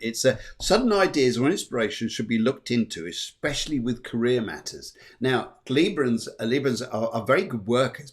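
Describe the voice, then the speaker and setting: A man hosting a live astrology show, chatting playfully and reading out viewer comments. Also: lowish voice. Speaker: host.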